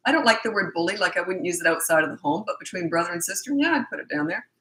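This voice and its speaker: Middle-aged woman, kinda low voice but bright and forceful, scratchy throat, blunt no-nonsense parenting tips. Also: lively intonation, very fast. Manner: blunt, no-nonsense, matter-of-fact. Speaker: parenting coach answering viewer questions. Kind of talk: casual Q&A advice.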